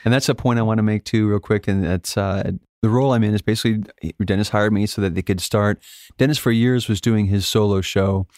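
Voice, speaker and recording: A man from Alaska, a guest musician, telling stories in a casual interview, animated and jumping up high when he quotes others. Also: brisk, hardly any pauses, dry recording, clean studio sound.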